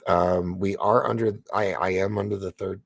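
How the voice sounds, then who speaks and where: A man's voice: low-pitched, fairly even intonation, moderate pace, vocal fry, slightly rough, no room sound, studio quality. A man hosting a casual livestream, reading viewer comments aloud with a rambling, laughing manner and lots of fillers. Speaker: livestream host reading chat.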